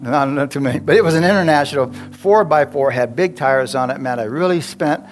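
Male preacher, storytelling sermon, conversational and jokey, slightly higher voice. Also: fairly quick, soft background music. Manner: chatty, laughs often, asks the congregation questions. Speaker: pastor.

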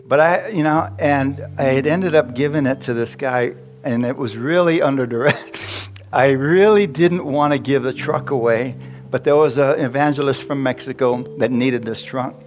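A man's voice: medium pitch, normal speed, soft background music. A male pastor telling a personal story in a sermon, chatty, laughing often and asking the congregation questions.

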